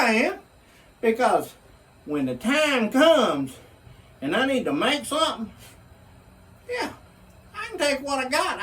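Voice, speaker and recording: A man's voice: very high-pitched, a bit bright, far from the mic. A man with a Southern US accent, talking in a casual, folksy, emphatic monologue. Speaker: vlogger.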